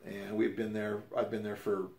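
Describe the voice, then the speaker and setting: A man's voice: lowish voice, little pitch movement, normal speed, gravelly, darkish tone. A man in his fifties casually telling a personal story, rambling and correcting himself as he goes. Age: 50s. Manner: rambling, self-correcting, conversational. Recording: roomy echo.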